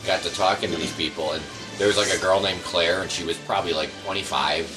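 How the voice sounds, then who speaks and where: A man co-hosting a podcast in casual chat, trading deadpan one-liners. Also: sits low, fast, over music, low-quality recording. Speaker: podcast co-host.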